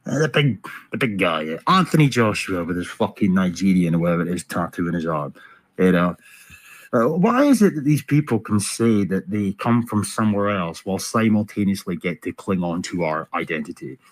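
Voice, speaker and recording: A man delivers a sarcastic, swearing commentary, firing off rhetorical questions. His husky voice leaps up and down in pitch as he mocks what he's heard. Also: lively intonation, a little fast, poor audio. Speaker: political commentary host. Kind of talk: ranting commentary over clips.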